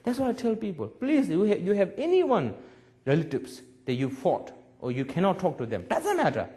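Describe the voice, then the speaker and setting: A Buddhist teacher in his forties gives a public webcast lecture in broken English, his high, mellow voice swooping wildly in pitch at a moderate pace. He tells stories and laughs often.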